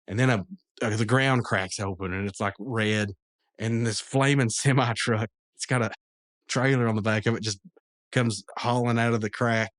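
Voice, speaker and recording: Male podcast host, lowish voice, rambling recap with frequent laughs, dry close sound. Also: no room sound. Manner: rambling, laughs often, quick quoted voices. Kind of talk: casual episode recap.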